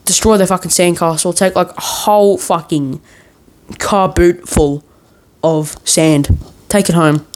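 Aussie guy going off on a swear-heavy rant, all worked up. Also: high-pitched. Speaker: vlogger. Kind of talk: profane ranting monologue.

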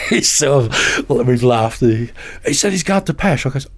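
A man, a podcast guest and carp angler, telling anecdotes in a lively way and acting out the voices of people in them. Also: mid-range voice, normal speed, breathy edge. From England. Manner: animated, acts out other people's voices in anecdotes. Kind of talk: casual storytelling.

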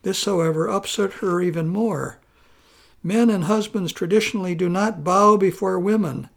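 A man narrating a folk story in a slow, measured way. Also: sits high, gravelly.

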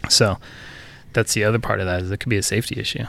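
A man's voice: fairly low pitch, fairly even intonation, rapid-fire, creaky, a bit bright. A man co-hosting a podcast, telling a workplace story in a loose, profane, chuckling way. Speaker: podcast co-host. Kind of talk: casual storytelling chat.

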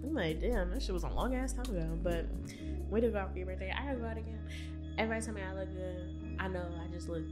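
A woman's voice: medium pitch, quick pace, music in the background. A woman with a stuffy nose co-hosting a casual chat, laughing often and swearing freely. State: stuffy from allergies. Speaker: podcast co-host.

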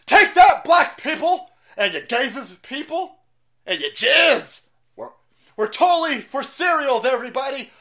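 A man mockingly voicing a bumbling male masked extremist, shouting gleefully. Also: very animated, unhurried, full character voice. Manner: shouting, shrill.

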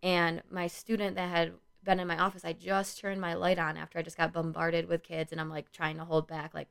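Young woman podcaster, gravelly low voice, rambles on earnestly w lots of fillers. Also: completely flat delivery, brisk, hardly any pauses, a bit bright. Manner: rambling, earnest, many "like" and "you know" fillers. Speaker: school social worker, podcast host. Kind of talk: casual solo podcast monologue.

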